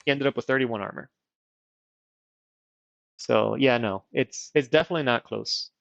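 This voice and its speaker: A rambling man streams a strategy game and thinks out loud, poking fun at himself as he goes. His voice is gravelly and his speech slightly affected by dental retainers. The mic sounds dry and a little dull. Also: medium pitch, normal speed, dry recording, faint music behind. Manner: rambling, self-deprecating, thinks aloud. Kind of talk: casual game livestream chat.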